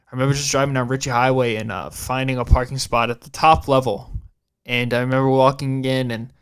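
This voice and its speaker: A young man hosting a podcast, telling a personal story in a halting way, repeating and restarting his phrases and swearing casually. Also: medium pitch, little pitch movement, clean tone. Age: young adult. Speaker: podcast host.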